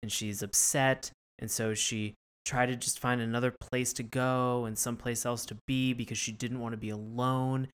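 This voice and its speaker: A man's voice: mid-range voice, little pitch movement, normal speed, hardly any pauses, clean tone. A man co-hosting a casual podcast, retelling cartoon scenes with lots of laughter. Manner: laughs often, retells scenes with put-on voices. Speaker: podcast co-host. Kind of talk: casual chat reviewing a cartoon.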